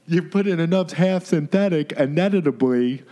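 Young guy co-host, crude bro slang, deadpan comedic riffing. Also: on the high side, normal speed. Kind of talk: casual comedic banter.

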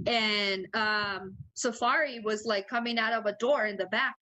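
Bright-voiced woman telling a wild story. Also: medium pitch, moderate pace, rough recording. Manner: animated, swears a lot, acts out quotes. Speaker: podcast co-host. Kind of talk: casual storytelling chat.

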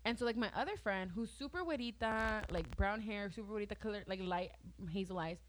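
A woman's voice: medium pitch, quick pace, a little hiss or hum. A young woman in her twenties chatting casually as a podcast co-host, telling stories with lots of filler words and easy laughter. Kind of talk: casual chat.

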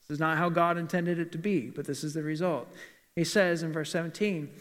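A man's voice: fairly high pitch, steady tone, a little fast. A male pastor giving a sermon in a church, asking rhetorical questions and reading scripture aloud. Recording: long reverb of a large hall.

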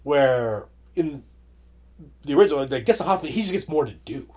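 A man co-hosting a podcast, reviewing a movie in measured casual chat and agreeing often. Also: on the high side, expressive, a little mellow. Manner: measured, agreeable, frequent short assents. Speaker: podcast co-host.

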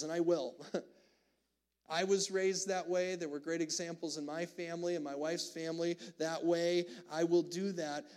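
A man's voice: fairly high pitch, a little mellow. A man in his thirties preaching a sermon in church, telling a family story earnestly with frequent restarts. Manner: earnest storytelling with many restarts, growing emotional. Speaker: pastor. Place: church sanctuary.

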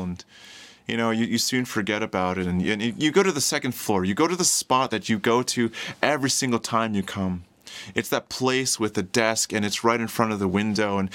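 A man preaching a sermon who retells a scripture scene as a vivid story and acts out the people in it. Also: on the low side. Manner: animated, acts out scenes in quoted voices.

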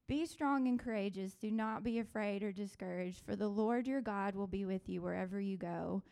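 A woman on a panel gently offering faith-based encouragement and quoting scripture in a reassuring, conversational way. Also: mid-range voice, normal speed, creaky. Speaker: panel speaker. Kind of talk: devotional encouragement.

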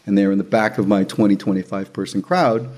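Brief: male magician spinning a story in casual chat, lively, laughs a lot, does quick voices. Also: fairly low pitch. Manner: animated, laughs often, acts out quoted voices.

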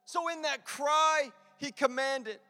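A male pastor preaching an impassioned sermon to a congregation in church, building to loud, emphatic repetitions. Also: very high-pitched, takes it slowly. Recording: long hall reverb with music behind.

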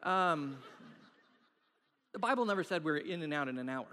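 A man's voice: fairly high pitch, animated, normal speed, pushed and bright. A man in his thirties preaching a sermon in a church, telling playful, self-mocking stories and acting out quotes. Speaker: pastor. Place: church sanctuary. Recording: long hall reverb.

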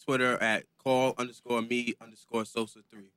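A man from the podcast's crew, talking in a low-key, hesitant way. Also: little pitch movement, normal speed, fairly bright tone, clean tone. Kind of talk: casual chat.

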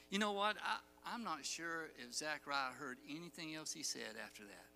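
A man preaching a sermon, telling the story with animated asides and acted-out quotes. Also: sits high, moderate pace, gravelly, few pauses. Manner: animated storytelling, acts out quoted lines, chuckles. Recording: long hall reverb, faint music.

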